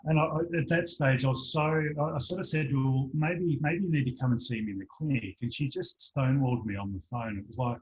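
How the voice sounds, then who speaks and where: A man, a practitioner telling a lively anecdote as a guest in an online interview, acting out the voices of the people in it. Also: mid-range voice, a little fast, hardly any pauses. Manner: animated storyteller, acts out voices in anecdotes. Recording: dull lo-fi online call audio.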